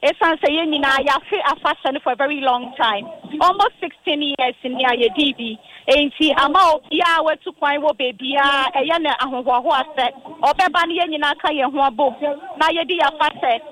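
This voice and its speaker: High-voiced Ghanaian woman guest. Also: fairly bright tone, poor audio. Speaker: interview guest.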